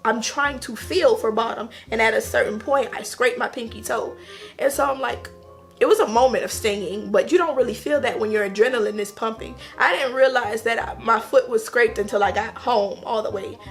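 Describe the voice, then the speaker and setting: A woman casually telling a personal story to camera, animated, acting out quotes in a higher voice and laughing between lines. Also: normal speed, soft background music.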